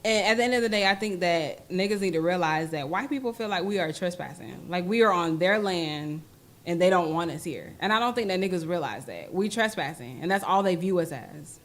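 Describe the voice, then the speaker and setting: A woman co-hosting a casual podcast, speaking quietly and agreeing with the others. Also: on the low side, lively intonation, a little fast. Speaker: podcast co-host.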